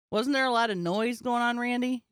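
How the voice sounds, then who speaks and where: A woman's voice: on the high side, moderate pace, smooth, no room sound, studio quality. A woman comedian co-hosting a casual podcast, telling a story with energy and acting out the people in it. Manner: animated storytelling, acts out the people she talks about.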